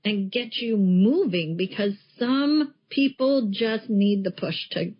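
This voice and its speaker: A woman's voice: medium pitch, slow. A woman co-hosting a podcast as a coach, talking frankly and emphatically and swearing freely. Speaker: podcast co-host and life coach. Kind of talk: casual chat. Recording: muffled lo-fi podcast audio.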